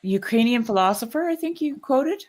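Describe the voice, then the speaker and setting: A woman podcast host who reads a passage aloud and then chats casually, earnest and quick to laugh. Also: fairly high pitch. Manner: earnest, quick to laugh, lively when excited.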